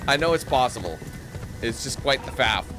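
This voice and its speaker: A man's voice: medium pitch, animated, moderate pace. A man from Canada giving joking, profane gameplay commentary in a rambling, playful way. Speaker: gaming commentator. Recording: game music loud underneath.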